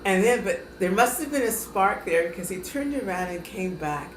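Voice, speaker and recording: A woman being interviewed, telling a family story in a measured way. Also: mid-range voice, expressive. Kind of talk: recounting family history. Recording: echoey room with noise.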